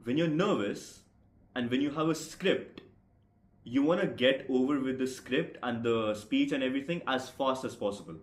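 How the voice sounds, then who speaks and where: A man's voice: mid-range voice, normal speed, reverberant. Brash, profane young man giving advice. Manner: brash, profane, says bro a lot. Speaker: speaking coach vlogger. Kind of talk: blunt advice monologue to camera.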